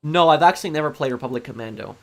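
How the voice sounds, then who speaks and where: A man's voice: fairly high pitch, racing, vocal fry. Hesitant male game streamer. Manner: hesitant, many ums and restarts, answering chat. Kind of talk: casual live-stream chat.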